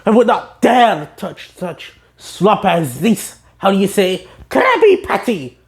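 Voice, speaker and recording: A woman voicing a snooty male talking spatula from a cartoon, speaking in a haughty, drawn-out way. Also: medium pitch, sing-song.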